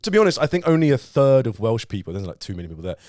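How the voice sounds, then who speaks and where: A man's voice: mid-range voice, big pitch swings, rapid-fire, a little mellow, no echo, clean studio sound. A man hosting a casual podcast, laughing often, swearing and teasing his guest. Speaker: podcast host.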